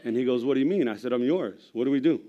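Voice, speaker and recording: Gruff middle-aged man preaching. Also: mid-range voice, fast, dull audio. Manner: gruff, storytelling with humor. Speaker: lay preacher giving testimony. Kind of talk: sermon testimony. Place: church.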